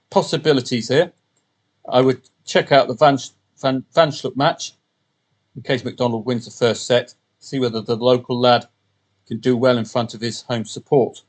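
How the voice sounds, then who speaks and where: A male podcast host with a mid-range voice gives casual solo commentary on the day's tipping picks. He rambles and corrects himself on the fly. He throws in off-hand jokes between points. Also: medium pitch. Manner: rambling, with jokey asides and self-corrections. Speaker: podcast host and betting tipster.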